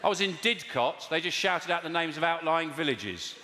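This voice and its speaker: Brief: male stand-up, deadpan rambler, lively swooping pitch, echoey hall, loud crowd noise. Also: normal speed. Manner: rambling, deadpan storytelling with audience banter. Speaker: stand-up comedian. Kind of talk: stand-up comedy with crowd work. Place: live comedy venue with audience. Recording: echoey live venue, loud audience.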